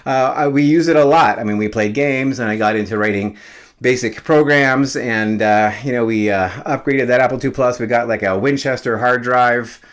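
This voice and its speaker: A man's voice: medium pitch, normal speed. A realtor in his fifties talking casually on his own vlog. He rambles with many fillers and is still slightly out of breath after a workout. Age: 50s.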